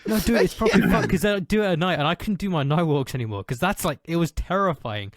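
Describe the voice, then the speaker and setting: A man in casual podcast chat who is excitable and swears freely. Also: on the high side, quick pace, no room sound, clean studio sound.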